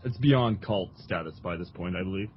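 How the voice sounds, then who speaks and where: Guy, low voice, kinda mumbly and apologetic, muffled call audio. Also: fairly quick, a little hiss or hum. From Canada. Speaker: podcast panelist. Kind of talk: casual group chat.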